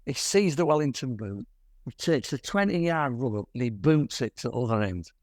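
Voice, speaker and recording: A man's voice: mid-range voice, animated, normal speed, a little mellow, no echo. An older man gives a chatty slide talk to a camera club, telling stories with dry, wry humour. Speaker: guest presenter at a camera club. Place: club meeting room.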